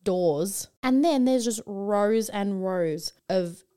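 Lively Australian woman, casual podcast chat. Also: mid-range voice, slow, clear, resonant tone. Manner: animated retelling, acts out quotes. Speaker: podcast co-host. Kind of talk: casual film-review chat.

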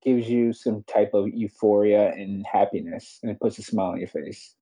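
A woman's voice: extremely low pitch, normal speed, warm tone, husky. A woman hosting an interview, encouraging her guest and laughing often. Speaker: podcast host. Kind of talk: casual interview. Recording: muffled, lo-fi audio.

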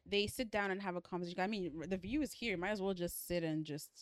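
A young woman co-hosting a casual book chat, animated and dramatic, laughing often. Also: on the low side, fast, no room sound, studio quality. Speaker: podcast co-host.

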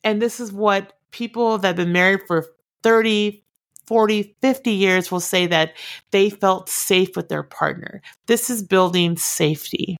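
Woman, relationship advice talk, direct and earnest, slight fry in her voice. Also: mid-range voice, steady tone, measured pace. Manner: direct, earnest, repeats key points for emphasis.

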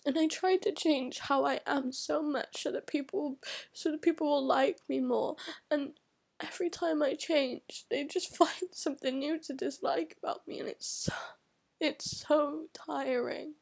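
A woman's voice: high-pitched, fairly even intonation, normal speed, a little mellow. A teenage girl, crying and venting in a rambling confessional vlog, often dropping to a whisper. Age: teens. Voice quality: gravelly fry, often drops to a whisper. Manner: rambling, upset, venting in broken phrases. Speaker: vlogger.

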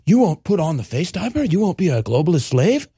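A man's voice: on the high side, big pitch swings, a little fast, dark tone, husky, heavily acted. A man voicing a smug, self-important male reporter in a sneering, exaggerated way. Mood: mocking.

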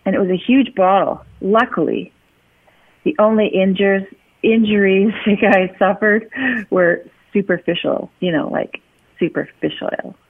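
A woman's voice: medium pitch, a little slow, husky. Upbeat lady calling in, thin phone-line sound. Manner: cheerful, upbeat. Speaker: caller. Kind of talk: phone-in chat.

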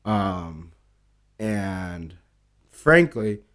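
A man's voice: sits low, extremely slow. Casual swearing man telling bar stories. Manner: animated storyteller, acts out quoted dialogue, swears freely. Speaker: bartender guest. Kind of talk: casual storytelling interview.

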